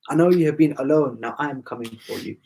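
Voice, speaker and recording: A man voicing a gentle father who comforts his daughter in a dream with slow, soothing promises. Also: medium pitch, animated, creaky, slight background noise. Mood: tender.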